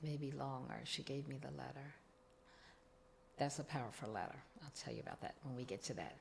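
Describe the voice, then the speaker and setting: A woman's voice: very deep voice, fairly quick, gravelly, darkish tone. A middle-aged woman, telling her own recovery story as a podcast guest, acting out the dialogue she quotes.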